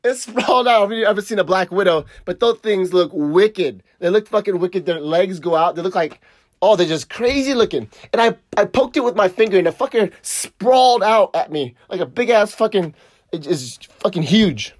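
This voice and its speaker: Profane, animated man telling a story. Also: high-pitched, normal speed, no echo. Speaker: podcast host. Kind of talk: casual storytelling monologue.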